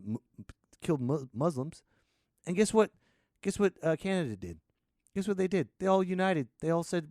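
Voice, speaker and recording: A man from the United States hosting a solo comedy podcast: an animated rant, laughing often and slipping into voices. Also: medium pitch, no echo, studio quality. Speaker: podcast host.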